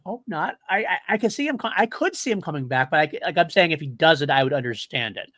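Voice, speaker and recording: A man chatting as a podcast host, rambling and excitable, laughing as he goes. His pitch jumps up and down a lot, and the sound is dry and close. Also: fast, dry recording. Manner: enthusiastic, rambling, laughs often. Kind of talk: casual chat.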